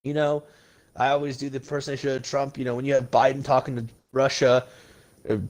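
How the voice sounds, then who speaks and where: A man's voice: medium pitch, level tone, quick pace, a little mellow. Blunt, profane male podcast host. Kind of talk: casual political rant.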